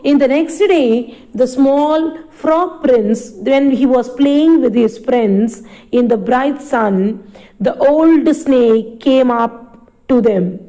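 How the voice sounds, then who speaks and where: A woman's voice: high voice, dark tone, low-quality recording. A woman teacher reading a story to children and explaining each new word as she goes, repeating lines patiently.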